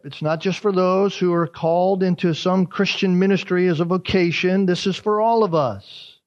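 A man preaching an expository sermon as pastor, repeating key words for emphasis. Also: fairly high pitch. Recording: dull lo-fi sermon recording.

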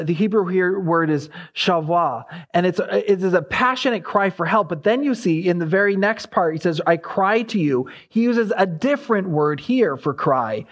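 A man preaching an expository sermon, his voice rising sharply as he voices the prophet's cries. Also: high-pitched.

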